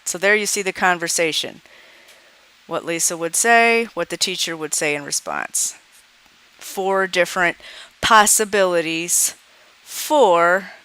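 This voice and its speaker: Bright, clear woman teaching code. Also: lowish voice. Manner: thinking aloud while debugging, reading dialog lines aloud. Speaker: programming teacher. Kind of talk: screencast coding tutorial.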